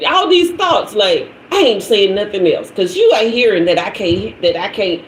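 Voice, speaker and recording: A woman in her forties, a tarot reader, telling a dramatic story on a livestream in an animated way. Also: mid-range voice, moderate pace, hardly any pauses, slight background noise. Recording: echoey room.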